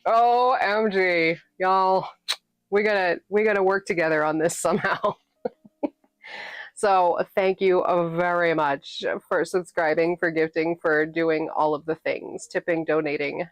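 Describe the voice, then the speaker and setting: A woman's voice: on the low side, fairly even intonation, measured pace, dry recording. A woman from New England chatting casually with her live-stream viewers, playful and sassy and laughing often. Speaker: livestreamer and author reading her novel.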